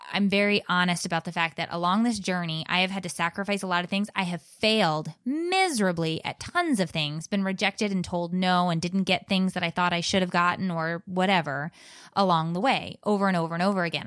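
Woman, 30s, guest telling a frank personal story, fairly low voice, dry close sound. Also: no echo. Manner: frank, animated, many restarts. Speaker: podcast guest, blogger and author.

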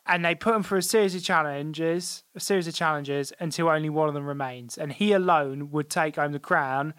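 A man's voice: a little high, brisk, fairly bright tone, clear, resonant tone, no room sound, studio quality. A man hosting a comedy podcast, telling a story in a mock-dramatic, sweary way. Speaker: podcast host. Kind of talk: comedic casual chat.

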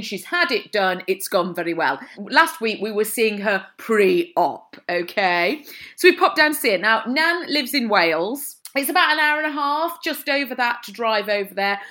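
A woman co-hosting a podcast, chatting casually and telling a story with lots of laughter. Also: medium pitch. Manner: giggly, storytelling, animated. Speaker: podcast co-host. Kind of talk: casual chat.

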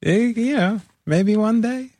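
A man's voice: high-pitched, a little slow, a little mellow, a little hiss or hum. A man hosting a podcast in a casual chat, joking and rambling, laughing often. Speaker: podcast host.

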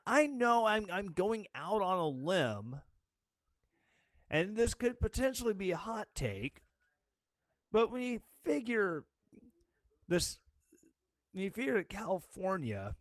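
A man's voice: sits high, very animated, slow pace, pauses often, dry recording, clean studio sound. A man hosting his own talk show, ranting in a rambling, sarcastic way. He sounds tired. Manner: sarcastic, rambling, with mocking quoted voices. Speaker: show host. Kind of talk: casual political rant.

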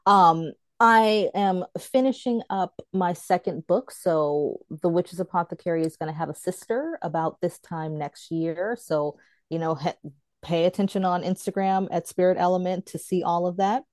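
A woman's voice: fairly low pitch, normal speed, no echo. Chatty woman in a dry, close sound. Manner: chatty and animated, tells stories with laughter. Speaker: guest, author and tarot teacher. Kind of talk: casual interview chat.

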